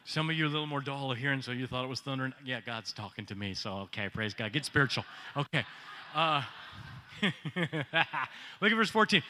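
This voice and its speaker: A man's voice: medium pitch, moderate pace. A man preaching a sermon as pastor, joking with the congregation and asking them questions. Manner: joking, animated preaching with audience call-outs.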